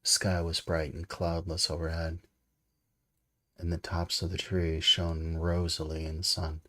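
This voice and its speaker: A man reads a classic novel aloud in a deep, low voice. His reading is slow and steady. He sometimes slips on a word and starts the line again. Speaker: audiobook reader. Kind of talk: amateur storybook read-aloud.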